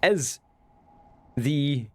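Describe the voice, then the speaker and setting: A man's voice: fairly high pitch, lively intonation, drawn-out words, a bit bright. A young Scottish man chatting casually on his live stream, rambling and swearing now and then. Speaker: Twitch streamer.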